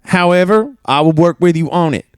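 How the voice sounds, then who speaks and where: A man's voice: moderate pace, clean tone, no room sound, studio quality, natural voice. A man voicing a pompous, rigid Italian chef with an exaggerated put-on Italian accent. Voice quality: exaggerated high cartoonish accent.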